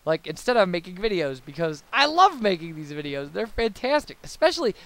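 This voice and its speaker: High-voiced rambling young guy. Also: big pitch swings, fairly quick, fairly bright tone. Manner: rambling and babbling, lots of fillers and tangents. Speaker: let's play commentator. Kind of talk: casual post-commentary chat over gameplay.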